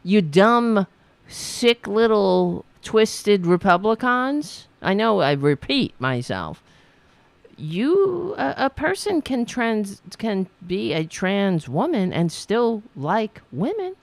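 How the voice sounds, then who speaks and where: A woman's voice: mid-range voice, sing-song, slow, gravelly, no echo. A woman host ranting about politics, sarcastic and profane, mocking commenters. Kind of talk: angry political rant.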